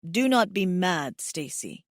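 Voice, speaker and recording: A woman reading out a big blue-skinned alien warrior who talks in a calm, soothing, formal way. The voice is pulled down low in a storybook audiobook. It is recorded dry and close. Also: slow, no echo.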